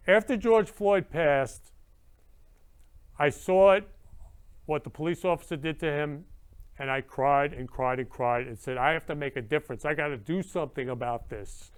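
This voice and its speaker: A man's voice: on the high side, clear, resonant tone. A man hosting his own talk show, speaking in an effusive, emotional way and repeating words of love. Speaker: show host. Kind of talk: emotional casual monologue.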